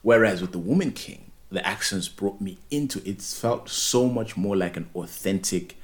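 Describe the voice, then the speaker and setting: A man's voice: sits low, normal speed. A man co-hosting a podcast in casual chat, rambling and repeating words as he restarts his thoughts. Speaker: podcast co-host.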